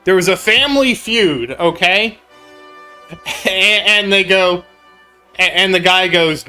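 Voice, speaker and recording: A man's voice: sits high, measured pace, long pauses, bright, forceful tone, soft background music. A man hosting a gaming channel, chatting casually over gameplay as a rambling storyteller who laughs often and repeats himself.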